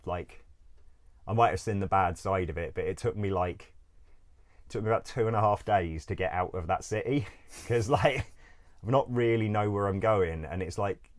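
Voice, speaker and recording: Male interview guest with a very deep voice. Casual, rambling storyteller who swears and laughs a lot. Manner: rambling, full of "like", swears freely, laughs often.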